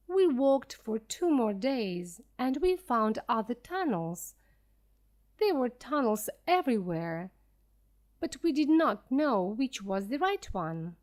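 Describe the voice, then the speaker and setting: Slow, clear woman reading a story. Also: fairly high pitch, big pitch swings, a little mellow. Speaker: narrator. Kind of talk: story read for beginner learners.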